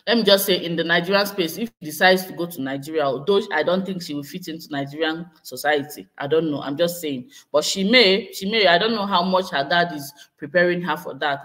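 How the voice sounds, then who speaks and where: A woman's voice: low voice, fairly bright tone. A woman vlogger in casual live-stream commentary, speculating and hedging as she reads out and answers viewer comments. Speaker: vlogger hosting a live chat.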